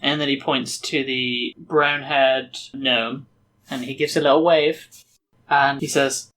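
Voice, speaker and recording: A man running a tabletop game as game master, genial and quick to chuckle. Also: mid-range voice, steady tone, a bit bright, slight background noise.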